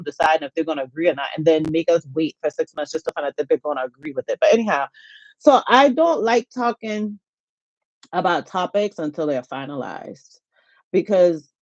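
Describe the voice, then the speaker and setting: A middle-aged woman, hosting a casual live-stream chat, animated and laughing often. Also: sits low, dry recording, highs cut off. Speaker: HR YouTube channel host. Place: home.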